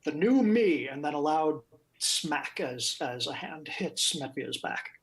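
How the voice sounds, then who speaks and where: A man narrating as game master, calmly explaining the setting. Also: a little high, takes it slowly.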